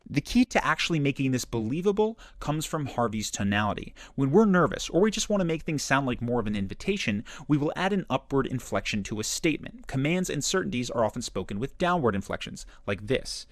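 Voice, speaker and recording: A man's voice: medium pitch, a little fast, few pauses, no room sound, studio quality. A man narrating a self-improvement video in a scripted, analytical, explanatory way. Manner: explanatory, analytical, lively inflection.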